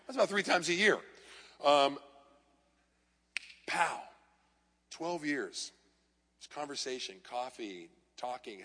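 A man preaching as a pastor, telling lively anecdotes with self-deprecating humor. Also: a little high, unhurried, long pauses. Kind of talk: storytelling sermon. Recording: long reverb of a large hall.

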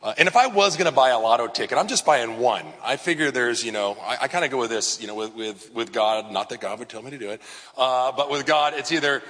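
A man's voice: mid-range voice, expressive, fast, a bit bright, long reverb tail. A man, a pastor, preaching in a casual, conversational way with frequent fillers and asides. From Southern California. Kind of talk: sermon.

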